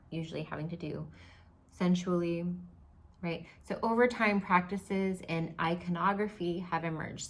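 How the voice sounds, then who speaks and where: Chatty woman with a lowish voice. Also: a bit bright. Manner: chatty, restarts often, laughs at herself. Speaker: spiritual teacher. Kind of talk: casual spoken teaching to camera.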